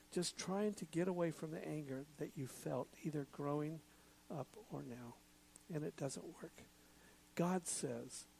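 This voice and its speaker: A man giving a sermon in a relaxed, conversational way, with jokes and asides. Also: on the high side, vocal fry, rough recording. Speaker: pastor.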